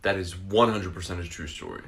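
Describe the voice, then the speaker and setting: A man from Oklahoma tells a short story to the camera and plays both sides of a conversation. His voice is low but bright and forceful, and he sounds incredulous. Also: fairly quick, vocal fry, a little hiss or hum. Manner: incredulous, retells dialogue. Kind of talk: storytelling social media clip.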